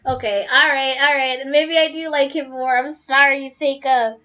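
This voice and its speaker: A woman's voice: sits high, fairly even intonation, moderate pace, sharp tone, low-quality recording. A young woman reading a dating game aloud at home, breaking off to gush, giggle and fluster over the story. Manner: giggly, gushing, easily flustered. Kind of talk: casual game playthrough reading and commentary.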